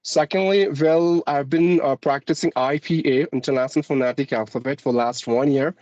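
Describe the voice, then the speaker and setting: A man's voice: fairly high pitch, steady tone, moderate pace, darkish tone, no room sound, dull audio. A man from India, an English teacher, speaking with an Indian accent mixed with American and British tones, polite and formal. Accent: Indian English with a mixed American-British lilt. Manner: polite and formal, often says ma'am. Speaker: guest, English teacher on YouTube. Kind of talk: conversational interview.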